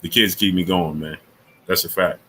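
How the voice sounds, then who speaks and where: A man's voice: deep voice, steady tone, normal speed, fairly bright tone, husky. A man hosting a casual sports talk livestream, speaking in loose slang and greeting viewers from the super chat between his takes.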